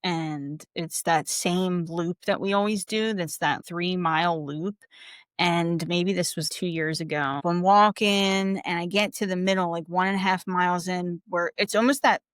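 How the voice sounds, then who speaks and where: A woman in her forties co-hosting a casual podcast, telling personal stories in an expressive, animated way as a coach. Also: on the low side, measured pace, clean tone, dry recording, clean studio sound. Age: 40s.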